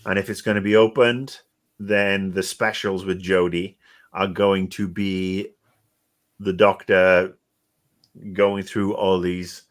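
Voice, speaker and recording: Sarcastic rambling male podcast host. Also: low voice. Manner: rambling, sarcastic, swears freely, many fillers. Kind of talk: casual podcast discussion.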